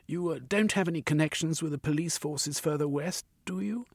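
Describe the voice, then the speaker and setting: A man doing a nervous genteel gentleman. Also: on the high side, fairly quick, no room sound, studio quality, pitched above the performer's own voice. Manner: polite, formal, slightly hesitant.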